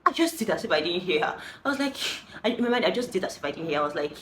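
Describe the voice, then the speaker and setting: A woman telling a story in casual storytime style, animated and exasperated, laughing now and then. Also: lowish voice, racing. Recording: roomy echo with faint noise.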